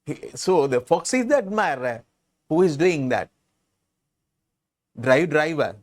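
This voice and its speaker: A man's voice: on the high side, sing-song, slow. A man teaching English, reading a story aloud and patiently explaining words, often repeating and restarting.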